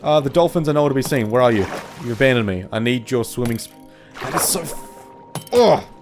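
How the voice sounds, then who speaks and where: Excitable man, panicky game commentary. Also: medium pitch, fast. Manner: excitable, panicky, swears often. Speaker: gaming video host. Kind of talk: let's play commentary. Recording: game music playing behind. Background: game music and water sounds.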